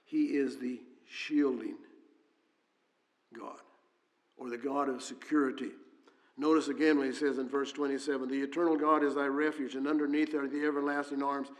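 A man preaching a sermon with earnest delivery, reading scripture aloud and often restarting with fillers. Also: mid-range voice. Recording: long hall reverb.

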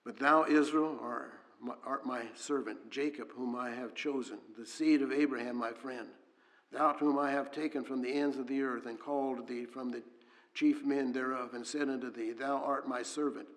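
A man's voice: mid-range voice, fairly even intonation, moderate pace, a bit bright. A man preaching a sermon with earnest delivery, reading scripture aloud and often restarting with fillers. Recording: long hall reverb.

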